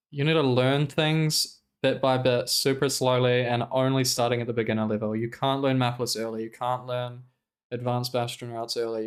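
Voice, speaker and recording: Young male streamer, mid pitch, smooth clear voice, profane rambling commentary. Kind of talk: casual livestream commentary.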